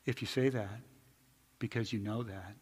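A male pastor preaching a conversational sermon, moving between loud emphatic stretches and hushed quiet ones. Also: on the low side, fairly even intonation, moderate pace, husky, in a large hall.

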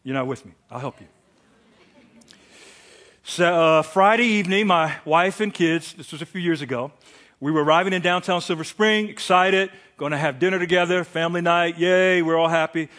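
High-voiced preacher, hushed to shouting. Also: male voice, moderate pace. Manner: animated storytelling, swinging from hushed to shouted. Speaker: pastor. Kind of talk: sermon.

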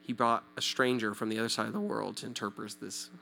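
A male pastor in his thirties from Southern California, telling a story in a sermon, animated and acting out the voices of the people in it. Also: lowish voice, quick pace, vocal fry, a little hiss or hum. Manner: animated, acts out quoted voices, checks in with the audience.

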